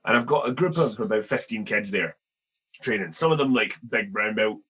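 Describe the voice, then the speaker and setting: A young man hosting a podcast, telling a story in a casual, animated way with plenty of swearing. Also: on the low side, fairly quick, breathy edge. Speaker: podcast host. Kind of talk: casual chat.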